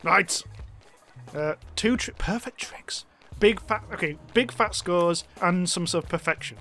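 A man's voice: sits high, measured pace, bright, forceful tone. A man commentating a game he is playing, swearing frantically and mocking himself. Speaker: gamer. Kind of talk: let's play commentary. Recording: faint music behind. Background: game music.

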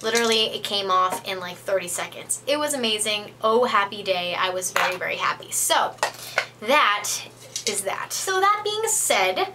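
A woman's voice: mid-range voice, big pitch swings, moderate pace, background noise. A young woman telling a rambling, playful story in a casual favorites vlog, full of "like" and dramatic emphasis. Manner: chatty, rambling storyteller with lots of "like". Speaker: beauty vlogger.

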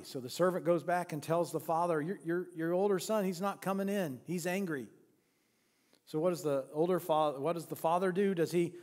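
A man's voice: high voice, darkish tone, long reverb tail. A pastor preaching a sermon in a church. He retells a parable, poses rhetorical questions and often restarts his sentences. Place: church sanctuary.

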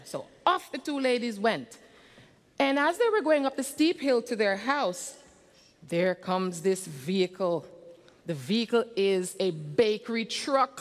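A woman telling a story to children during a church service, animated and often quizzing the kids. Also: on the high side, moderate pace. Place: church sanctuary. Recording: reverberant church hall.

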